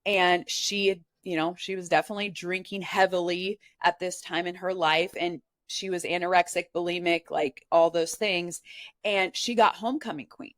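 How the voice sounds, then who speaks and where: A woman's voice: fairly low pitch, fairly even intonation, normal speed, fairly bright tone, dry recording, clean studio sound. A woman from Nebraska, a podcast guest, tells a personal story in an earnest, candid way and often says "like" as a filler. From Nebraska, USA.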